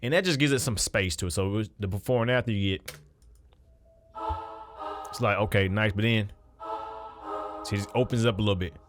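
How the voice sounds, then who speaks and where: A man's voice: lowish voice, a little fast, pauses often, music in the background. A man talking casually through a beat-making tutorial at his computer, loose and conversational with frequent restarts. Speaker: music producer.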